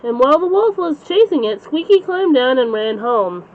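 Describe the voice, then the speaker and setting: High-voiced woman reading a bedtime story. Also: sing-song, moderate pace. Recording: slightly dull lo-fi recording.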